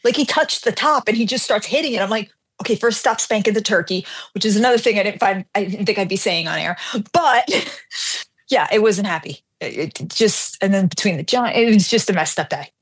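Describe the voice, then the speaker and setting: Animated woman host telling a mishap. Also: medium pitch, a little fast, slightly rough. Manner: animated, self-deprecating, acts out dialogue. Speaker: radio show host. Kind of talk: casual on-air storytelling.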